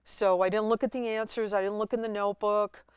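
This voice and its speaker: A woman guest at a college TV studio, telling her story in a lively way and acting out her own past words. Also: medium pitch, quick pace, smooth, no room sound. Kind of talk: storytelling interview.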